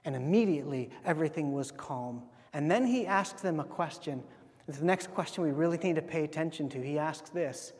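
A man's voice: fairly high pitch, animated, moderate pace, a little mellow, in a large hall. A man preaching a sermon as pastor, conversational and full of rhetorical questions, acting out what people say.

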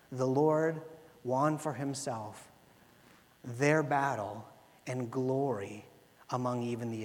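A man preaching a sermon, earnest, often repeating words and swelling louder for emphasis. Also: mid-range voice. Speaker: pastor. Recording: long reverb of a large hall.

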